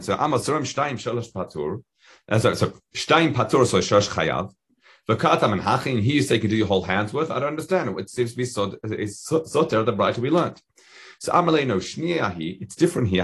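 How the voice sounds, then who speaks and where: A man's voice: medium pitch, slightly rough. A man teaching a Talmud lesson in casual English, reading Hebrew and Aramaic phrases aloud as he goes.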